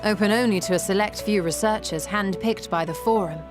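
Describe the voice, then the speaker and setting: A woman's voice: mid-range voice, fairly quick, lightly acted. An actress playing a serious woman who explains secret matters in a game. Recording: game voice with music behind.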